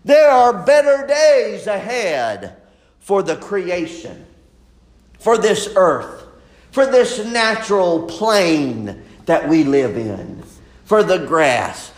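A man preaching a sermon, lively and full of laughter, with sudden exclamations. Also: on the high side, echoey room. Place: church.

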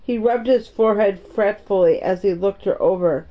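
A woman narrating a storybook in a gentle, even-paced reading voice. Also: medium pitch, moderate pace. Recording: dull, muffled audio.

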